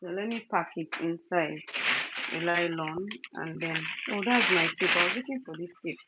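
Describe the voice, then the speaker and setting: A woman's voice: lowish voice, moderate pace. Chatty woman, lo-fi home recording. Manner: chatty, thinking aloud, cooing softly to a baby. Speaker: wig stylist. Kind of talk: casual vlog talk while working. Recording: lo-fi with clear background noise.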